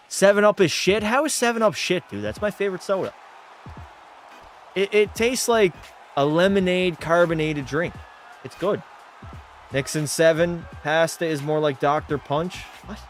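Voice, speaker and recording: A man's voice: on the high side, a bit bright. A young man commentating his own hockey video game on a live stream, a little tipsy, swearing freely, answering chat and calling plays like a sportscaster. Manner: rowdy, profane, mock play-by-play, reads chat aloud. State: tipsy from a few drinks. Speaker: gaming streamer.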